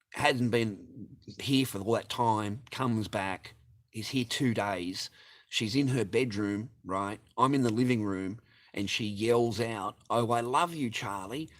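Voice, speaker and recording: A man in middle age vents to his viewers in a long aggrieved rant. He swears freely, circles back over the same points and keeps appealing to the audience. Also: on the low side. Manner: sweary, aggrieved, repeats himself, addresses viewers. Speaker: vlogger. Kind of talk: angry personal rant to camera.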